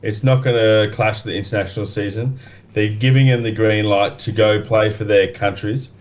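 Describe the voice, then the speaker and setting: A man's voice: on the low side, steady tone, normal speed. A man on a panel, laid-back and cheeky, talking in slangy banter. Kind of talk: casual banter.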